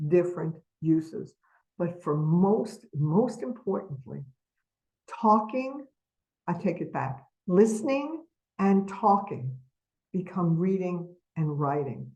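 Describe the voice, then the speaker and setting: Woman webinar presenter, low register, unhurried, emphatic, asks the audience questions. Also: a little mellow, dull audio. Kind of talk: educational webinar lecture.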